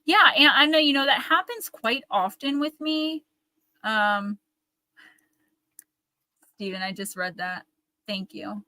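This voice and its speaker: A woman's voice: fairly high pitch, lively intonation, takes it slowly, long pauses, sharp tone, dry recording, rough recording. A woman giving a live oracle card reading, earnest and encouraging, who mimics gushing voices now and then. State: tearing up.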